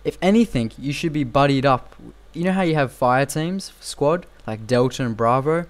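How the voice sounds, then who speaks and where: A young man talks over his gameplay in a loose, rambling way, circling back and repeating himself, with "you know" and "like" all through it. His voice sits at a middling pitch for a man. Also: moderate pace. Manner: rambling and repetitive, with frequent fillers. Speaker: gameplay commentator. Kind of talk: casual game commentary.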